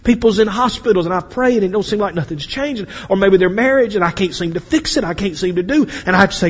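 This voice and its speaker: A man preaching a sermon, acting out voices and swinging between loud and quiet. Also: sits high, lively intonation, fast, hardly any pauses, husky, lo-fi sound. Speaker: pastor. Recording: echoey hall with long reverb.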